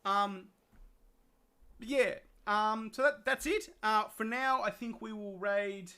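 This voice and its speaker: Game master host, casual and laughing, gravelly tone. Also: female voice, medium pitch, takes it slowly, sharp tone. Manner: laughing, teasing, rambling. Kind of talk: casual stream sign-off chat.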